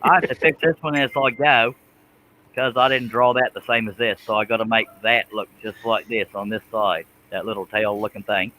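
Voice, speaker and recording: Man, craft stream host, casual talk while working, bright forceful tone, low-pitched, faint hum behind. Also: steady tone, normal speed, low-quality recording. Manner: talks while drawing, restarts and self-deprecating jokes.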